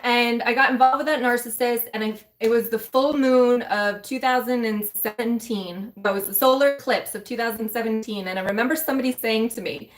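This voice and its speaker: A woman's voice: a little high, a little fast, hardly any pauses. A woman mentor and coach candidly telling her own story to viewers on a live stream, emotional and speaking straight to them in a loose, conversational way. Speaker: mentor and spiritual coach for women.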